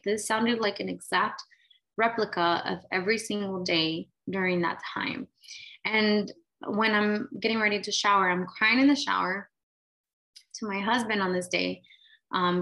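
A woman's voice: mid-range voice, vocal fry, fairly bright tone, low-quality recording. A woman in her late twenties or thirties telling a personal story in a candid, casual way, full of "like" and "right?" fillers. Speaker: vlogger sharing her story.

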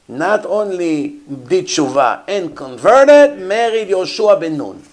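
A man teaching as a rabbi in an earnest, emphatic sermon, often repeating rhetorical questions. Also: sits high.

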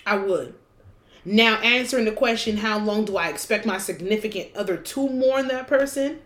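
A woman's voice: medium pitch, normal speed, a bit bright, reverberant. A woman co-hosting a casual chat podcast, talking frankly and bluntly and swearing casually. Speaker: podcast co-host. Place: room with window open.

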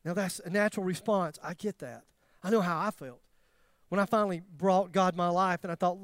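High-voiced man preaching with swinging intensity. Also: fairly quick, no room sound, studio quality. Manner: animated, swings from loud emphatic questions to near-whispered tenderness; self-deprecating humor. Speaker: pastor. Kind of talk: sermon.

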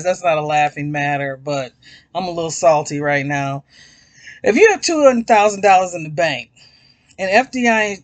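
High-voiced man chatting casually. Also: no echo. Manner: rambling, swears freely, addresses listeners as y'all. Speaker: podcast host. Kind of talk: casual chat.

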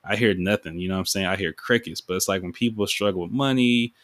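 Deep-voiced man, emotional casual talk. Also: fast, fairly bright tone, no echo. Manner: emotional, rambling with many fillers. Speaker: podcast host and music artist. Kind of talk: casual reflective monologue.

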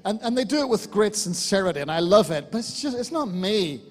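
An Irish man preaches to a church congregation, his voice pitched high for a man. He swings from fervent, loud exclamations to soft, hushed appeals. The sound carries a long hall reverb, with quiet music underneath. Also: very animated, brisk. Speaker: lead pastor. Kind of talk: sermon.

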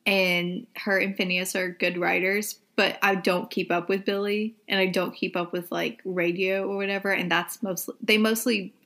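A woman's voice: medium pitch, level tone, moderate pace, few pauses, a bit bright. A young adult woman co-hosting a podcast, chatting casually with many "like" and "um" fillers. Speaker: podcast co-host.

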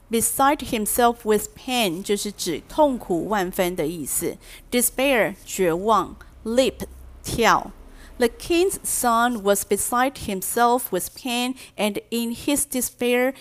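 A woman teaching vocabulary through a storybook, reading each line slowly and then translating and explaining it. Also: fairly high pitch. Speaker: English teacher. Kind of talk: bilingual storybook lesson.

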